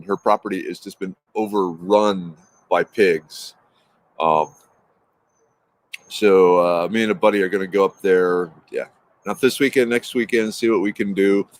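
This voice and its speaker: A man's voice: lowish voice, steady tone, measured pace. Upbeat man chatting on a morning livestream. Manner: upbeat, greets viewers by name, rambling asides. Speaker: livestream host greeting viewers. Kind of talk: casual morning livestream chat. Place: outdoors in a backyard. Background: traffic noise.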